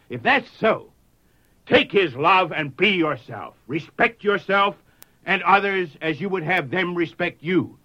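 Earnest male preacher, lively pitch. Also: lo-fi sound. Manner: earnest, reassuring, emphatic. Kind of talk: radio sermon.

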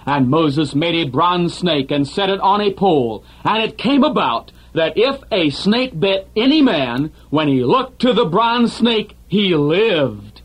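A man delivering a scripted radio sermon in an earnest, measured preaching manner. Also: on the high side, big pitch swings, poor audio.

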